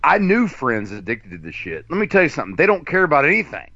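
A gravelly male guest on a radio chat, his voice swinging wildly in pitch as he mocks and swears. He comes through a dull, dry, lo-fi line. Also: wildly swooping pitch, quick pace, bright, forceful tone, dry recording. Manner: mocking, profane, puts on silly voices.

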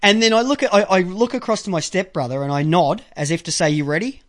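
Host: Australian man, high voice, crude rambling storyteller, loud bursts. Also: animated, fast. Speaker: podcast host. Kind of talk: casual call-in show chat.

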